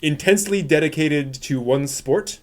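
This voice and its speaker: A man's voice: a little high, normal speed. A man hosting a casual chat, hesitant and full of "um"s. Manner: hesitant, many "um"s. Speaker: podcast host.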